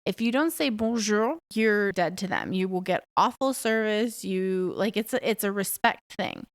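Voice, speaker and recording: Woman, 30s, solo podcast host, blunt and profane, crisp resonant voice, dead dry room. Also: mid-range voice, expressive, normal speed, no echo. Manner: frank, blunt, swears freely. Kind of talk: casual monologue podcast.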